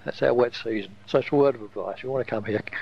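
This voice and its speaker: An older man from England, his English accent worn thin by long years in Australia, rambles through a spoken tape letter, stopping and repeating himself as he goes. His voice is gravelly with a rough edge. It comes from a dull, lo-fi home tape recording. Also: medium pitch. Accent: faded English, worn by decades in Australia. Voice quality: rambling, halting, repeats words. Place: home in coastal Queensland.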